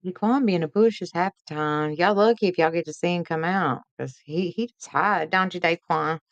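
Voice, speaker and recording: A woman's voice: on the low side, moderate pace, no echo, highs cut off. A woman, hosting a late-night live stream in a folksy, chatty way and greeting viewers by name.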